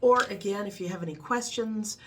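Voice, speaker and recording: A woman's voice: mid-range voice, fairly quick, a little hiss or hum. A middle-aged woman with a Midwestern American accent, chatting casually to camera in a rambling way and laughing at her own stories. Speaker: vlogger.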